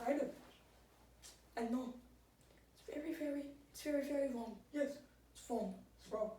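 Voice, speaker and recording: A woman playing an absurd, boastful talk-show guest, rambling deadpan in an improvised comedy sketch. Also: sits high, normal speed, close to an everyday voice. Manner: rambling, deadpan, breaks into giggles. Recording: echoey room, far from the mic.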